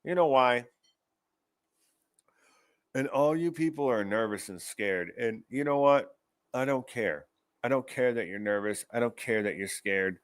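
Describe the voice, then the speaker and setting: A man's voice: mid-range voice, expressive, measured pace, pauses often, clear, resonant tone, no echo. A man hosting his own show, giving rambling, profane commentary in a casual ranting manner. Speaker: show host.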